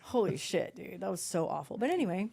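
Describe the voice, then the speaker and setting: A woman podcast co-host telling stories in casual chat, animated and swearing, acting out quotes. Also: lowish voice, brisk, vocal fry, slightly rough.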